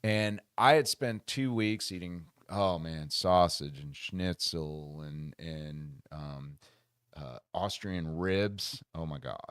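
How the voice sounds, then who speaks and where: An American man hosting a casual podcast, telling a funny travel story and reading trivia questions, animated and laughing often. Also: rumbling low, slow pace, clear, resonant tone, no room sound, studio quality. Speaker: podcast host. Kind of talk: casual chat and trivia quizzing. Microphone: studio microphone.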